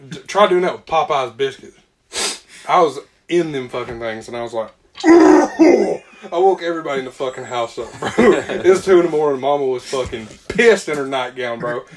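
A man's voice: medium pitch, very animated, normal speed. A young man, co-hosting a podcast and telling a story in a loose, profane way, often breaking into laughter. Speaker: podcast co-host. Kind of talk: casual storytelling chat.

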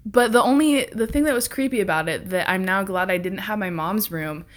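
A woman's voice: medium pitch, a little fast. A woman in casual chat telling a ghost story, laughing often, swearing freely and acting out what people said.

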